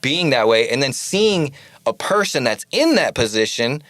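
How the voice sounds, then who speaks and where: A man telling a story as a podcast guest, animated and full of casual "like"s, acting out the lines he quotes. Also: mid-range voice, normal speed, dry recording. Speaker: podcast guest, studio owner.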